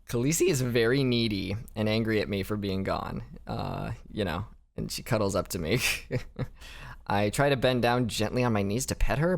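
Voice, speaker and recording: A man's voice: on the low side, creaky. Rambling young man, vlog diary. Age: young adult. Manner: rambling, self-deprecating, halting with restarts and chuckles. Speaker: vlogger. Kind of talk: casual diary vlog narration.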